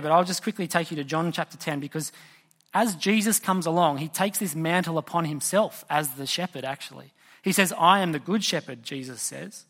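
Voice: mid-range voice, a bit bright. A preacher delivers a sermon in a conversational, storytelling way. The voice keeps turning to the listeners with direct questions. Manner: storytelling, asks the congregation questions.

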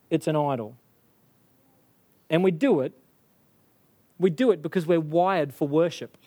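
A man's voice: fairly high pitch, warm tone. A man preaching a sermon, stressing his points through repetition and speaking straight to his listeners.

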